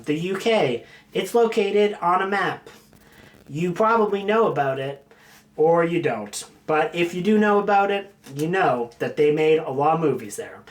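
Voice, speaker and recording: A man hosting a casual vlog about his film collection, rambling and joking at his own expense. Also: high-pitched. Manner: rambling, jokey, self-mocking. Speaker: video host showing his film collection.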